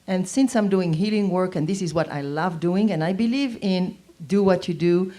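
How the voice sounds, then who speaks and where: A woman's voice: lowish voice, moderate pace, warm tone. A woman at a workshop, speaking earnestly and with doubt. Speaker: workshop participant.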